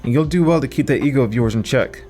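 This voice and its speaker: A man voicing a stern, commanding woman leader who speaks firmly and in measured tones in an audiobook. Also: medium pitch, warm tone, faint music behind, close to an everyday voice. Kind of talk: audiobook character voice.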